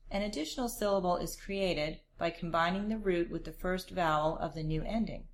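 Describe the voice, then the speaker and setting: A woman narrating a scripted language lesson, explaining grammar in a clear, measured way. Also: on the low side. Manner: clear, measured instructional delivery. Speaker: language teacher.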